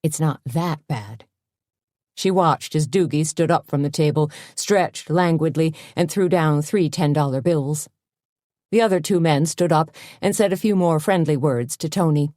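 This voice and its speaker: A woman narrating a cozy mystery audiobook in an even, measured storytelling voice on a close mic. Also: sits low, no echo. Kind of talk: scripted narration.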